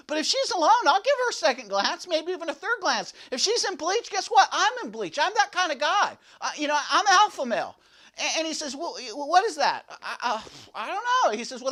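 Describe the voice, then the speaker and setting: A man's voice: very high voice, bright, forceful tone, full character voice. A man playing a boastful, goofy young slacker in a comedic devotional monologue, rambling and repeating himself to grab attention. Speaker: devotional speaker.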